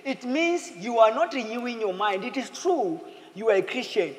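A man preaching a sermon as pastor, in a lively manner, slipping into playful acted quotes. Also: extremely high pitch, moderate pace. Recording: echoey hall with faint ambience.

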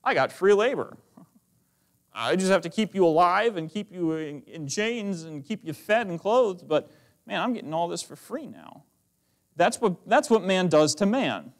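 A man's voice: high voice, expressive, moderate pace. A male pastor preaching a fervent sermon, reading old scripture verses aloud between his comments. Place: church sanctuary.

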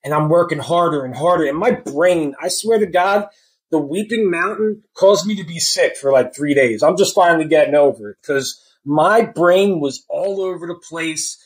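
A man with a high-pitched voice for a guy talks through a book in a loose, slangy way. He gets excitable and swears freely, often acting out his own inner reactions as he goes. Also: moderate pace, poor audio. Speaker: book reviewer. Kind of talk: casual spoiler-filled book review.

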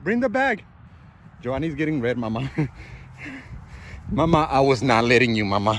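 Very animated and fairly bright in tone, his mid-range voice moves at normal speed, with a bit of hiss or hum in the recording. The man, in his thirties, shoots a laid-back family vlog on his phone while kicking a soccer ball around outside with his kids, out of breath, laughing, and teasing them.

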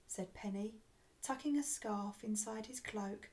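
A woman reading a children's storybook aloud, expressive and dropping to a soft hush on the speech tags, recorded on a computer webcam. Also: medium pitch, a little slow. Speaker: storybook reader.

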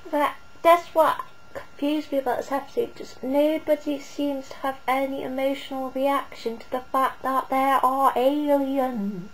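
A woman's voice: high voice, steady tone, a little slow, a little hiss or hum, poor audio. A woman giving a casual, rambling spoken review, often hesitating and restarting.

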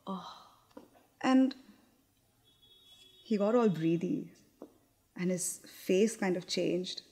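A young actress performing a theatrical monologue in a candid, confiding, wry manner, with hesitant restarts. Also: female voice, fairly low pitch, takes it slowly, creaky, warm tone.

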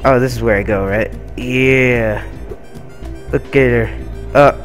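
A man's voice: medium pitch, fairly even intonation, slow, long pauses, soft background music. A young man giving laid-back, giggly gameplay commentary with swearing and silly asides. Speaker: let's play gamer.

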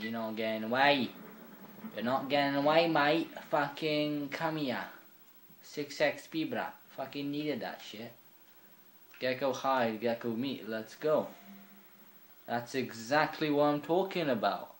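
A young man casually commenting on his gameplay, rambling and swearing in an offhand, quiet way. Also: mid-range voice, slight background noise. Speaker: gamer. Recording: echoey room with faint ambience.

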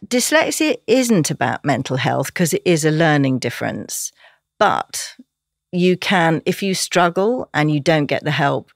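A woman's voice: deep voice, creaky, no room sound, clean studio sound. A woman speaking as a podcast guest, talking with passion and turning emotional at times. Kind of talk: podcast interview.

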